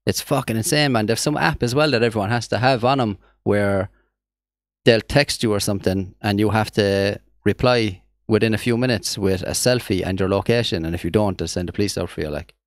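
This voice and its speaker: A man's voice: lowish voice, brisk, no echo, studio quality. An Irish man co-hosting a podcast in casual chat, blunt and indignant and swearing freely. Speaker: podcast co-host.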